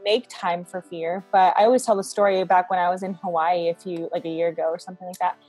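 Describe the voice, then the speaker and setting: A woman's voice: fairly low pitch, steady tone, fast talker, a little mellow, husky, faint music behind. A woman in her twenties, a guest in a faith interview, chatting casually and peppering her speech with "like" and "um". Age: 20s. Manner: chatty, frequent "like" and "um".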